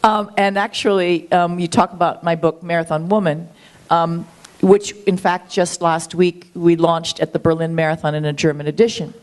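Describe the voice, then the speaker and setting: Low-voiced chatty woman in her sixties. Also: fairly even intonation, normal speed. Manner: chatty, enthusiastic, with frequent ums and restarts. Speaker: guest, author and marathon runner. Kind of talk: conversational interview.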